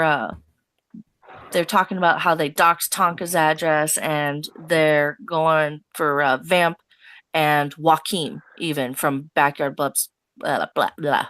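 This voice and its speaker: Low-voiced woman, hesitant chat. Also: fairly even intonation, slow pace, a bit bright, no room sound. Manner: hesitant, many fillers and restarts. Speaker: stream co-host reading chat. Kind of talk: casual chat.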